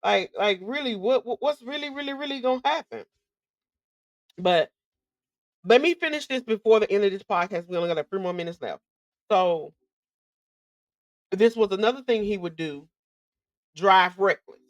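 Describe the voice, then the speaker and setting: A young woman recounts her own experience as a podcast host, in a candid, emphatic way that loops back on words. Her speech is slangy and casual, her pitch sits mid-range for a woman, and the recording is close and dry with no room sound. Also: animated, moderate pace, long pauses, dry recording. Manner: candid and emphatic, with frequent repetitions. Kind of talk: personal storytelling.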